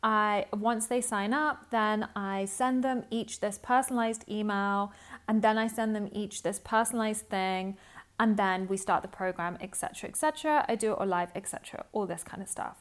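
A woman's voice: medium pitch, normal speed. A young adult woman hosting a solo podcast as a business coach, talking in a chatty, upbeat way and acting out inner thoughts. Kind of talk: casual solo podcast monologue.

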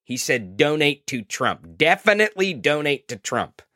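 Bright-voiced profane male podcast host. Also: fairly high pitch, big pitch swings, normal speed, dry recording, clean studio sound. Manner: profane, sarcastic, mocking. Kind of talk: political commentary.

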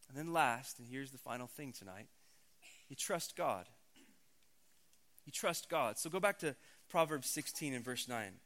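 A man's voice: on the high side, bright, forceful tone. A man in his thirties, a pastor giving a conversational, emphatic sermon.

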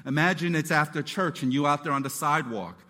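A man preaching a sermon as pastor, animated and acting out voices and quotes as he teaches. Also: on the high side, a little fast, long reverb tail.

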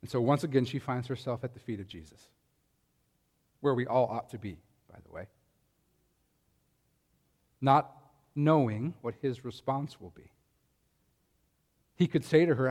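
A man's voice: mid-range voice, a little slow, long pauses, darkish tone, long reverb tail. A man preaching a sermon, talking in a conversational way and asking his listeners rhetorical questions. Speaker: pastor.

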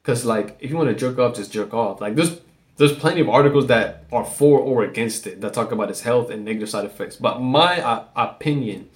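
On his own podcast, this host speaks a little fast in a mid-range voice. He wanders from topic to topic, swearing a lot and leaning heavily on "like."

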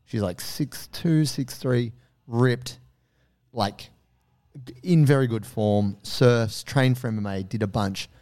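A man hosting a podcast, telling a story in a casual, animated way, swearing freely and acting out the quotes. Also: mid-range voice, slow. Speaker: podcast host.

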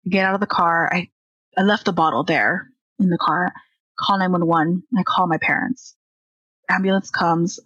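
A woman's voice: fairly low pitch, flat delivery, brisk, a bit bright, dry recording, lo-fi sound. A young woman candidly telling a personal story, acting out the dialogue she quotes.

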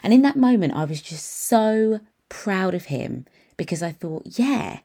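This podcast host, a nail tech mentor in her thirties, has a warm voice on the low side with lively intonation and a slightly slow delivery. She gives an emphatic, upbeat pep talk full of encouragement.

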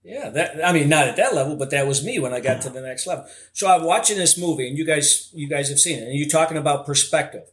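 Male podcast host, fairly high voice, loose and rambling delivery. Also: fast talker, hardly any pauses, a bit bright. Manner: rambling, heavy on "like" and "you know". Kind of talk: casual interview chat.

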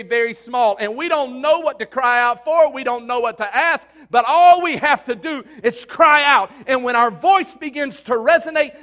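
A man delivers a sermon in a very high voice. He preaches emphatically but stays conversational, and he keeps turning to his listeners with questions. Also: sharp tone.

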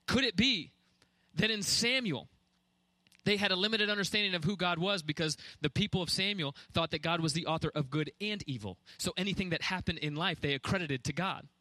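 A man preaching a sermon at a quick pace, firing off rhetorical questions with intensity. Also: sits high, pushed and bright, no room sound. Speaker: pastor.

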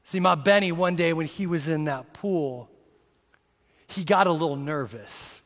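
A middle-aged man preaching a sermon, repeating phrases slowly for emphasis and rising into shouts as he addresses the congregation. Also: fairly high pitch, long reverb tail. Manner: uses "y'all" and "see" to address the congregation. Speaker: pastor.

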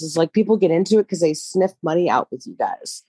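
Hoarse woman on a podcast, rambly and sweary, dry close sound. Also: fairly low pitch, brisk, dry recording. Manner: rambling, profane, animated. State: losing her voice. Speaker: podcast co-host, dog trainer business coach. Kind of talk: casual podcast chat.

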